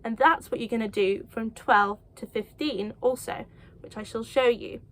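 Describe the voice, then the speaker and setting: A young woman teaching children sign language, counting slowly and encouraging them with light self-deprecating laughs. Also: on the high side, fairly bright tone. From United Kingdom. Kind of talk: children's lesson, slow counting.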